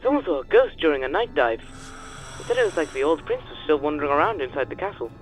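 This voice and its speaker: A man's voice: fairly high pitch, very animated, fast talker, faint music behind, rough recording. Man voicing a brash young diver girl. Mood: eager. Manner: defensive, teasing, bossy. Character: brash young woman diver, boastful, insists she is not scared. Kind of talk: reading game dialogue aloud in character.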